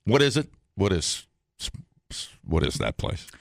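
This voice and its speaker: Gravelly joking radio co-host man. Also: low-pitched, measured pace, no room sound, clean studio sound. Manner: joking, teasing, deadpan fake stories. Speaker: radio morning show co-host. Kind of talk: casual radio banter.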